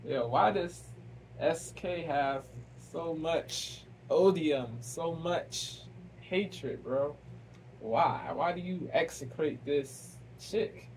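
A man hosting a reaction video, talking slowly in casual commentary, asking "why" over and over and dropping fancy words into slang. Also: fairly high pitch, a little hiss or hum, low-quality recording. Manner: slow, repetitive, keeps asking why, drops fancy words.

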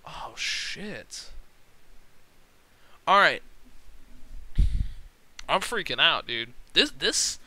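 A young man streaming a game, reading its text aloud and gushing with excitement, swearing freely and rambling. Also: on the high side, drawn-out words, pauses often, no echo, rough recording.

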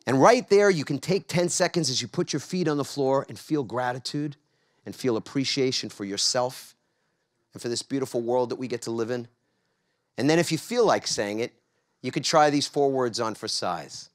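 A middle-aged New York man with a mid-range voice delivers a motivational keynote on a large conference stage. Speaking at a normal speed, he pulls the audience in with call-and-response questions.

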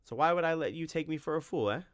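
A man's voice: fairly high pitch, animated, fast, clear, resonant tone, pitched above the performer's own voice, close to an everyday voice. A man voicing a sly, greedy male cobbler who haggles in a wheedling drawl, in a storybook reading.

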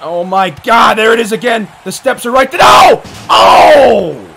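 A man giving excited, profane play-by-play commentary on a wrestling match, often breaking into yells. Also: high-pitched, a little fast, vocal fry, some chatter behind, slight background noise.

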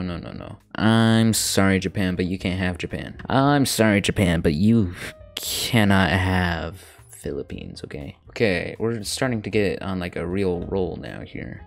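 A young man with a very low, gravelly voice talks through his strategy game. He speaks bluntly and swears a lot. Faint game music plays underneath. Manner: swearing, blunt, jokey running commentary. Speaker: gaming YouTuber. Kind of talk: casual gameplay commentary.

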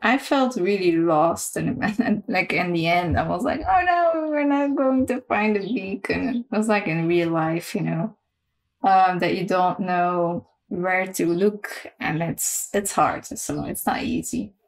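A young woman with a Romanian background, commenting casually on a game she plays, swearing and excitable, full of fillers. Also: lowish voice, unhurried, low-quality recording. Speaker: game streamer.

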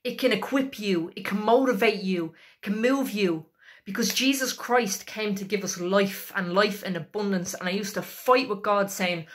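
A woman preaching a sermon, fervent and emphatic, with a repetitive cadence and slow, stressed scripture reading. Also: medium pitch. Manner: fervent, emphatic, declaring with rising intensity.

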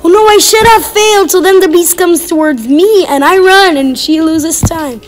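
A woman hosting a casual gameplay chat, excitable and jumpy, giggling and teasing her teammate. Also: very high voice, moderate pace, soft background music, poor audio. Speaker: gaming channel host.

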